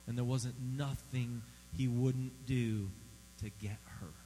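A man preaching a sermon, emphatic and animated, asking his audience questions. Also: mid-range voice, slow, long reverb tail, a little hiss or hum, low-quality recording. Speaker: pastor.

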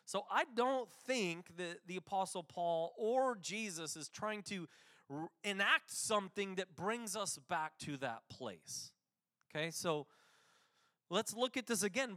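A pastor preaching a casual, conversational sermon, with restarts and quick asides. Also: male voice, high voice, animated, fairly bright tone.

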